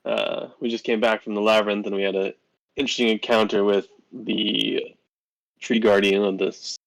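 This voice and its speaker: A man's voice: lowish voice, level tone, vocal fry, no echo, low-quality recording. Hesitant man playing a tabletop game. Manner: hesitant, halting, many fillers. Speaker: player. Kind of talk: in-character tabletop play.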